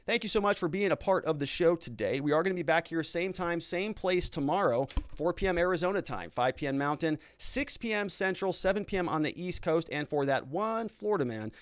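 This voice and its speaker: A man hosting a live stream talks casually to his viewers, rambling and circling back as he thanks them by name. His voice is smooth and resonant, pitched a little high for a man. The sound is close and dry, with no room around it. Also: expressive, fairly quick, few pauses, dry recording. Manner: rambling, talks to chat viewers, fillers and restarts. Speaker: livestream host. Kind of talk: casual livestream chat.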